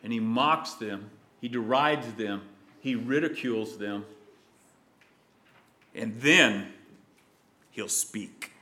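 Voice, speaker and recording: A man preaching a sermon, dramatic, moving from loud emphasis to hushed, low lines. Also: slow pace, pauses often.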